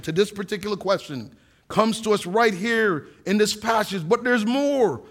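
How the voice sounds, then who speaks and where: A man who is a pastor, preaching a sermon with earnest rhetorical questions and reading scripture aloud slowly for emphasis. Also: high voice, fairly bright tone.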